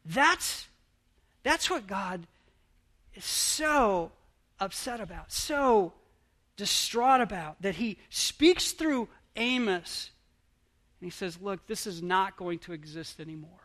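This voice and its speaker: A pastor preaching a sermon in an earnest, halting way, often restarting his phrases. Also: high-pitched, expressive, sharp tone.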